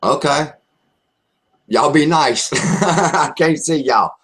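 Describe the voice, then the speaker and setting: A man's voice: a little high, expressive, slow pace, a bit bright. A man with a Southern US accent presenting a live online marketing webinar, speaking emphatically and repeating his key phrases.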